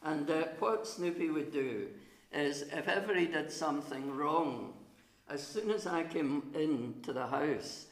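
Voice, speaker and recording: During a church service, a middle-aged male minister with a fairly high voice and a chesty cough tells children a gentle story, pausing often. The church's roomy acoustics carry his voice.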